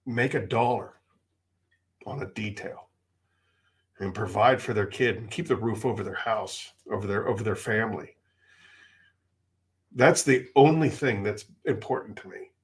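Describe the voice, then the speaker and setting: A man hosting a livestream who talks with feeling and often stops and repeats words. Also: mid-range voice. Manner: halting, repeats words when moved. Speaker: livestream host. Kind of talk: emotional livestream chat.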